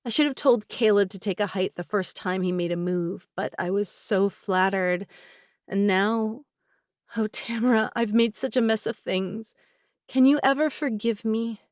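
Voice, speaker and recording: Woman narrator doing a young woman, younger sister, prickly but remorseful, voice pitched up and emotional. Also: a little slow, no room sound, studio quality, lightly acted. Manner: higher, emotional, shifting from guarded to teary.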